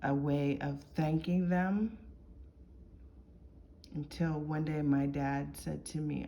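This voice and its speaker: Woman vlogger, confessional storytelling, low-pitched and unhurried, earnest. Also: fairly even intonation, mellow, a little hiss or hum. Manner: earnest, reflective, heartfelt. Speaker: vlogger telling her life story.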